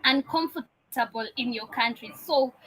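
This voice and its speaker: A woman's voice: fairly high pitch, unhurried, fairly bright tone, rough recording. A woman host, speaking in an impassioned, emphatic way with frequent "uh"s. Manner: impassioned, emphatic, says "uh" often. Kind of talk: talk show commentary.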